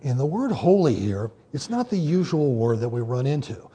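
A man preaching a sermon in a conversational teaching manner, often pausing with "okay" and "you know". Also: mid-range voice, sing-song, dark tone, husky. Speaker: pastor.

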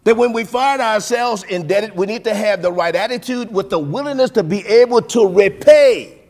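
High-voiced man preaching with sing-song cadence. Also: moderate pace. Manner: preaching cadence with sing-song rises and big swings in loudness; keeps addressing listeners as folks. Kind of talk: sermon.

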